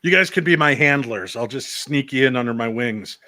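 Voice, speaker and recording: An American man chatting over a video call, an animated storyteller who jokes and slips into voices. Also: mid-range voice, moderate pace, no echo. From United States. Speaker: paranormal podcast host and guest. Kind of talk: casual video chat.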